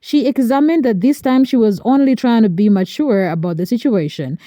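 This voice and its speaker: A woman narrating a celebrity gossip recap in a steady, explanatory way. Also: fairly high pitch, moderate pace, background noise. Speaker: commentary narrator. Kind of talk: scripted narration.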